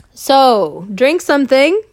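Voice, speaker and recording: Young female podcast host, fired-up profane rant, slightly high voice. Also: a little mellow. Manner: angry, profane, emphatic ranting. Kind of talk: casual ranting podcast.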